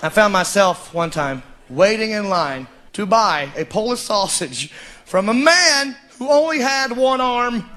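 A man's voice: high voice, lively intonation, unhurried, sharp tone, a little hiss or hum. A man doing stand-up comedy, telling a story with laughter in his voice.

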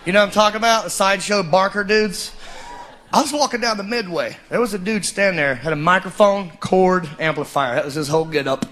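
Bright high-voiced male comedian. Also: brisk. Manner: storytelling with laughs. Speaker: stand-up comedian. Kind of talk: stand-up comedy.

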